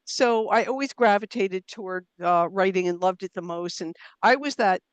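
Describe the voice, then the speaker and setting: A woman's voice: mid-range voice, normal speed, no echo. Thoughtful woman guest, dry close sound. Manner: thoughtful, self-deprecating, frequent fillers and restarts. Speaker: author and writing coach, guest. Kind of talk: conversational interview.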